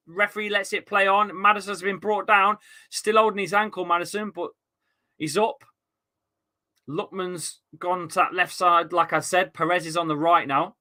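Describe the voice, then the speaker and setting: A young man streams a football watchalong, offering live match commentary in a casual chat, reading out viewer comments and swearing now and then. His voice is a little high, pushed and bright.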